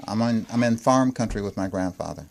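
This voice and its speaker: A man being interviewed as a guest author, unhurried and vivid as he tells a story. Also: on the low side, animated, vocal fry, darkish tone.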